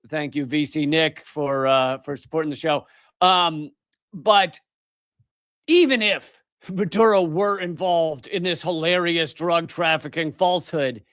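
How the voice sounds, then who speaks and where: Middle-aged male livestream host, furious profane rant, fairly high voice, dry close sound. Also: normal speed, fairly bright tone, no room sound. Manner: angry, profane, emphatic with many restarts. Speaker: political commentary show host. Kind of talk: live-streamed ranting commentary.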